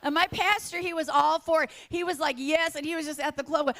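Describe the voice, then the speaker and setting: A middle-aged woman doing stand-up comedy, telling stories with animated acted-out quotes. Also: high voice, brisk, few pauses. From United States.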